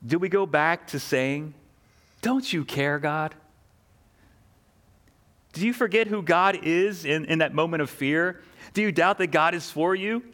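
A male pastor preaches a sermon at normal speed in a voice that's a little high and a bit bright. He's earnest and emphatic, asking rhetorical questions and repeating key phrases.

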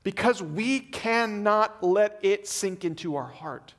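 A man preaching a sermon earnestly, swinging between emphatic lines and very quiet, drawn-back phrases. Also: high-pitched, slow pace.

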